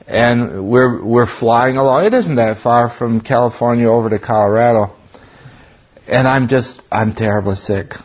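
A man teaching a Bible class, telling a rambling story with frequent chuckles and restarts. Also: medium pitch. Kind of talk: folksy storytelling sermon. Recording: tinny phone-like sound.

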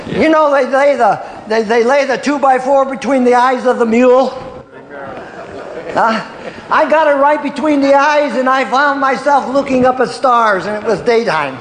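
A man's voice: very high voice, moderate pace. A man preaching a sermon, telling homespun stories and calling out "Hallelujah" and "Hello?" to his congregation, chuckling between lines. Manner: folksy storytelling with frequent "Hello?" and "Hallelujah" call-outs and chuckles. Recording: echoey hall with long reverb and faint room noise.

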